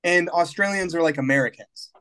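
A young man with a notably high voice co-hosts a casual podcast. He is easygoing and jokey, and he often laughs at his own lines. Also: brisk, pushed and bright, clear, resonant tone. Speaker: podcast co-host. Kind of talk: casual chat.

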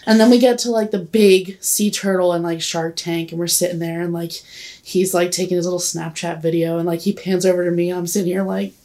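Speaking a little fast in a low, warm voice with a level tone, a twenty-something podcast guest rambles through a long story. She giggles and leans heavily on "like" throughout the casual conversation.

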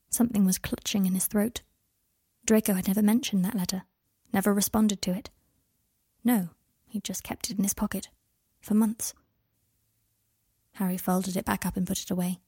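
A woman narrates a story in an even, quiet manner. Her voice is husky and sits at a middle pitch. The recording is close and dry. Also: normal speed, long pauses, no echo. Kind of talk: storybook reading.

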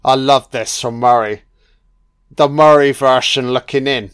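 A man talks through a film in a relaxed, unhurried way, sprinkling in swear words and filler as he goes. His voice is smooth and clear at a middling pitch. The sound is close and dry, with no room around it. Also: dry recording. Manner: laid-back and profane, full of "you know". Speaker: film commentator. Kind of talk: casual film commentary.

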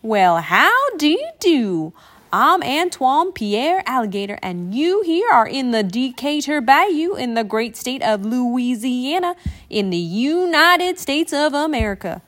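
A woman's voice: high-pitched, very animated, a little slow, a bit bright, voice pushed up, exaggerated voice. Woman doing a folksy, friendly alligator. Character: friendly male Louisiana alligator, folksy and welcoming.

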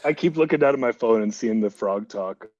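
A man's voice: lowish voice, expressive, a little fast, a little mellow, no room sound, dull audio. Hyped rambly guy in a group chat, voice bouncing all over, playful. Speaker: guest. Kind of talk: casual group audio chat.

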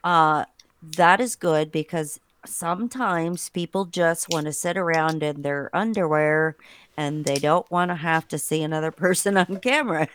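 A woman's voice: sits low, moderate pace, a bit bright, a little hiss or hum. A woman co-hosting a casual podcast chat, joking and teasing. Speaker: nurse and podcast co-host.

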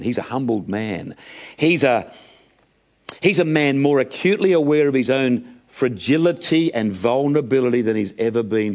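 A man's voice: fairly low pitch, a little mellow. A middle-aged man preaching a sermon, calling his listeners friends and acting out the voices of Bible characters.

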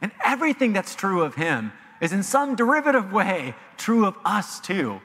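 A man preaching a sermon as pastor, animated and emphatic, in a church sanctuary with long reverb. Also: high-pitched, moderate pace. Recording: long reverb of a large hall.

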